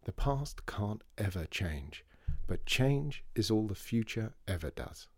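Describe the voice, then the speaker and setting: A man voicing a gentle, wry widowed father who talks tenderly to his small daughter in a storybook. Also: lowish voice, big pitch swings, takes it slowly, breathy edge, dry recording, clean studio sound, heavily acted. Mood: earnest. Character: gentle widowed father, middle-aged, fond.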